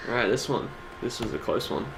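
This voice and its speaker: A man's voice: mid-range voice, animated, fairly quick, gravelly, a little hiss or hum, rough recording. A laid-back man co-hosting an online awards stream, laughing often and reading out lists of nominees in casual chat. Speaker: stream co-host presenting awards.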